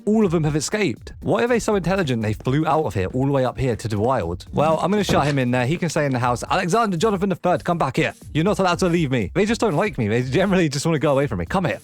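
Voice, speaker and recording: A man hosting a let's play, giving excitable gameplay commentary and chatting to the animals in the game. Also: a little high, very fast, few pauses, faint music behind.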